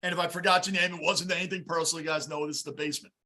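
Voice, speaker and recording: A man hosting a live football reaction stream, greeting chatters by name and shouting at big plays. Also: a little high, level tone, very fast. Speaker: livestream host reacting to a game. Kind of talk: live game reaction and fan chat.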